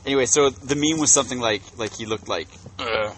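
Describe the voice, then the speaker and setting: A man co-hosting a casual podcast outdoors on the grass, telling stories in a rambling, halting way with lots of restarts. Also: medium pitch, a bit bright, slight background noise. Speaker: podcast co-host. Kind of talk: casual chat. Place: outdoors on grass in a field full of bugs.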